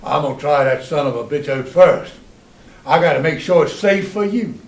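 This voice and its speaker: A man voicing a gruff, stubborn rural father who speaks in a bossy way, within a told story. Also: a little high, moderate pace, voice pushed down, natural voice. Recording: roomy, mic at a distance.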